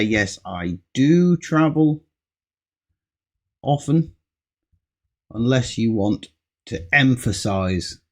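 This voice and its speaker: A man's voice: on the low side, darkish tone. A man teaching an English speaking lesson, patiently modelling example answers and stressing key words. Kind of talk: slow, patient ESL lesson.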